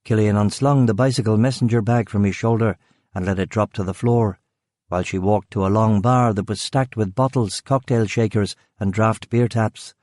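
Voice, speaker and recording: A man reading a crime thriller audiobook in measured scripted narration. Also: lowish voice, steady tone, a little mellow, no room sound, clean studio sound.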